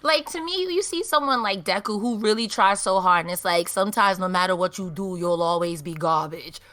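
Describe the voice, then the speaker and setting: Bright-voiced joking woman guest. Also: mid-range voice, brisk. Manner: joking, laughs often. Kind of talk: casual chat.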